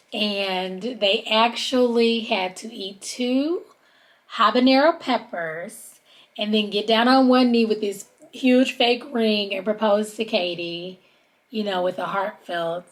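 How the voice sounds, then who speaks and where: A woman hosting a podcast, recapping a TV episode in a casual, gossipy chat and calling her listeners "honey.". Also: slow pace. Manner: chatty, drawls "honey" and "child", mimics people in high voices. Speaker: podcast host.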